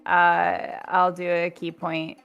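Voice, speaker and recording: A woman's voice: lowish voice, monotone, takes it slowly, vocal fry, clean tone, lo-fi sound. Hesitant woman declaring game moves. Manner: hesitant, full of fillers while declaring actions. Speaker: tabletop game player. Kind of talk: casual game chat.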